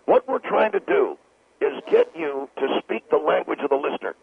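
A man's voice: a little high, very animated, normal speed, gravelly, breathy edge. A man talking as a guest on a call-in radio show, brash, condescending and insulting. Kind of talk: call-in talk radio banter. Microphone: phone line. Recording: tinny phone line with faint hiss.

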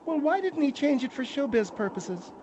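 A man's voice: extremely high pitch, big pitch swings, normal speed, darkish tone, muffled recording, slight background noise, voice pushed up. A man voicing a prim, indignant studio panelist who scolds the others.

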